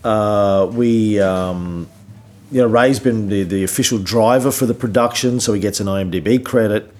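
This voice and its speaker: Slightly hoarse man, rambling late-night chat. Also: fairly low pitch, moderate pace, darkish tone. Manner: rambling, many fillers and restarts. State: losing his voice. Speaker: podcast host. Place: hotel room.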